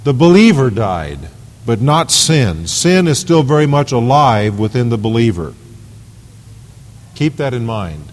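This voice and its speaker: Emphatic preacher man in a reverberant hall. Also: medium pitch. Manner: emphatic, repeats phrases for stress. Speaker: pastor. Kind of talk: sermon. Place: church sanctuary. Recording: long reverb of a large hall.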